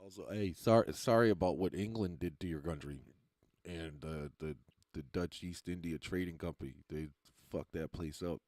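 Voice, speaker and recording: Low-voiced man rambling on a livestream. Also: normal speed, a little mellow, no room sound, clean studio sound. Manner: rambling, loose and profane, laughing at his own lines. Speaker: stand-up comedian and livestreamer. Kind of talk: casual livestream chat with viewers.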